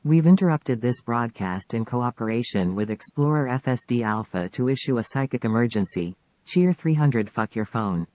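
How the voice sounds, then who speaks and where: A man's voice: mid-range voice, lively intonation, normal speed, few pauses, a little mellow, no room sound, close to an everyday voice. Dry, dull man doing a mock emergency announcer. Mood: official. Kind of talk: mock broadcast alert announcement.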